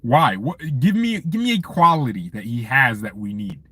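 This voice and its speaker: A man hosting a fan channel live stream from his parked car, chatting casually with viewers in an animated, joking, ranting way. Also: medium pitch, normal speed, no room sound.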